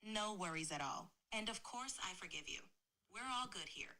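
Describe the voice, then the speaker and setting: A text-to-speech woman's voice answering as an AI chat assistant, polite, even and accommodating. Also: mid-range voice, normal speed. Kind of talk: chatbot replies, polite and scripted.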